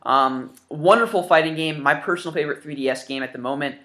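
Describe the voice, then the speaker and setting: This is a young man in his twenties talking straight to his viewers about games he has picked up. His voice sits a little high with a bright, forward edge. He rambles happily and fills the gaps with ums and half-started words. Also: quick pace. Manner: enthusiastic and rambling, with many fillers. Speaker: gaming YouTuber showing his new games. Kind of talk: casual vlog.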